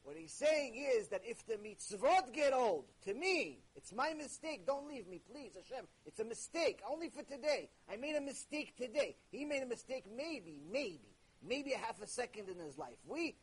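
A man delivering a recorded religious ethics lesson, talking to his listeners in an animated, conversational way. His voice is husky and pitched high. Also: normal speed, poor audio. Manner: animated, conversational, with sudden jokes. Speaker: religious teacher.

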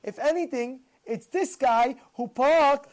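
Male Torah teacher, casual sermon; high voice, animated storyteller who hammers points by repetition. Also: takes it slowly. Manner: animated, repeats phrases for emphasis.

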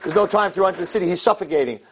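A man's voice: sits high, rapid-fire, a little hiss or hum, pitched above the performer's own voice, lightly acted. A man voicing a plain, stubborn working man who speaks emphatically in a spoken parable. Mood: urgent. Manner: indignant, emphatic.

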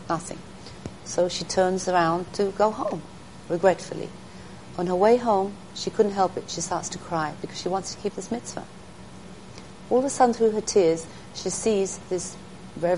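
A middle-aged woman recounts stories in an earnest, teaching way, and she briefly acts out the people in them. Her voice sits somewhat low. A faint hum of ambience runs underneath. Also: moderate pace, mellow, low-quality recording. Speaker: interview guest, speaker to women. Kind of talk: storytelling in an interview.

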